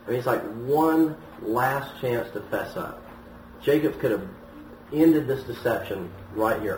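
A man preaches a sermon, retelling a scripture story and lifting his voice on the quoted lines. His voice sits in a middle pitch. The recording is roomy and picked up from a distance. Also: expressive, moderate pace, a little mellow. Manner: storytelling, with some restarts and raised quoted lines. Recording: roomy, from a distance, faint noise.

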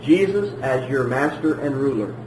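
A man preaching a sermon emphatically, repeating phrases and swinging between loud and hushed. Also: medium pitch, expressive, normal speed, roomy sound, slight background noise, low-quality recording.

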